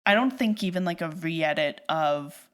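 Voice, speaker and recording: A woman's voice: low-pitched, moderate pace. A woman co-hosting a film podcast, ranting animatedly in casual chat, with lots of "like" and acted-out quotes. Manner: animated ranting, heavy use of "like", acts out quoted lines. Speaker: podcast co-host.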